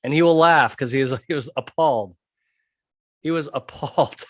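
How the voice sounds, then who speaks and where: Man, podcast host, emphatic, repeats key points, slightly high voice, dry close sound. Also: normal speed, dry recording. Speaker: podcast host and trial consultant. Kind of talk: podcast monologue.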